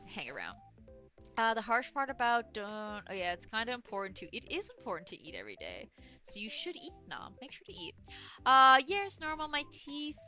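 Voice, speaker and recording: A young woman plays a game on a livestream while chatting, rambling through stories with plenty of swearing. Her voice is fairly high and sharp, and her throat sounds dry and a little sore.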